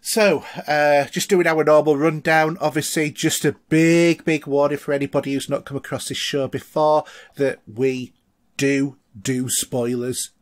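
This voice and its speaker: A man's voice: on the high side, level tone, measured pace. A middle-aged man co-hosting a casual podcast, chatty and rambling with lots of fillers. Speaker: podcast co-host.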